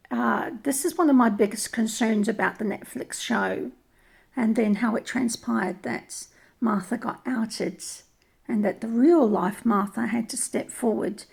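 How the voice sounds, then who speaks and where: Woman, New Zealand or Australian accent, opinion vlog, thoughtful, restarts often, raspy. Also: fairly high pitch, a little mellow. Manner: thoughtful, with frequent restarts and repeated words. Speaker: commentator.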